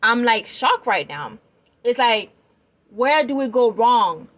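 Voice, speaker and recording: A woman's voice: on the high side, animated, takes it slowly, fairly bright tone. A woman giving her opinion in a rambling, emphatic vlog, often checking that the listener follows her. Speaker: vlogger. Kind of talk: opinion commentary.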